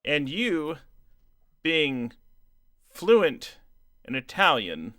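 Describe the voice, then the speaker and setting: A man running a tabletop role-playing game as game master, relaxed and playful. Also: a little high, very slow, no room sound.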